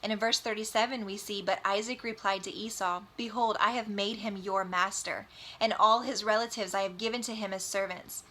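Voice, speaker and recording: A woman's voice: mid-range voice, fairly even intonation, fairly quick, pushed and bright. A woman giving a casual Bible study lesson, reading scripture aloud and explaining it in plain, everyday words. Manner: conversational, reads scripture aloud then explains it in plain slang. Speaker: Bible teacher.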